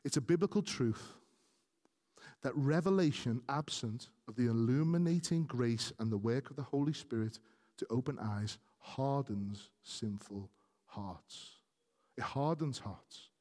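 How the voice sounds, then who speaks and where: Earnest preacher in an echoing hall. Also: male voice, mid-range voice, a little mellow. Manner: earnest, rising to emphatic peaks, talks to the congregation. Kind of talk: sermon.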